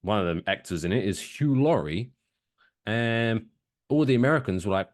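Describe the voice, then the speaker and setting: With a lowish voice at normal speed, a man co-hosts a podcast, chatting casually and spinning rambling, animated stories laced with swearing. The studio sound is clean, with no echo.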